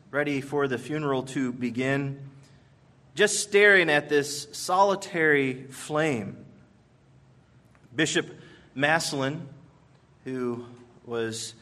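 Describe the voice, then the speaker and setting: A man as pastor, delivering a sermon in an emphatic storytelling manner with measured pauses. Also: on the high side, fairly bright tone.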